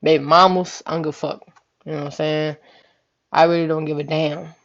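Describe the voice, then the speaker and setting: A woman's voice: low-pitched, flat delivery, a little fast, dull audio. A young woman vlogger telling a story casually, profane and rambling, often asking "you know what I'm saying". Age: young adult.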